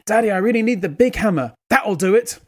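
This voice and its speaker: An eager little boy of two, pleading and childlike, as a grown man voices him. He sits high in pitch, far above the man's own speaking voice. The voice is a storyteller's sketch of a toddler. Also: expressive, a little fast. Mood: insistent.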